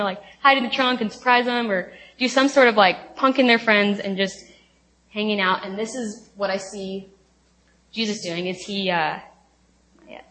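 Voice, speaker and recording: A woman's voice: mid-range voice, a bit bright. A young woman giving a casual teaching talk on a Bible passage, chatty and informal, with many fillers and playful retellings. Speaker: speaker at a college ministry talk.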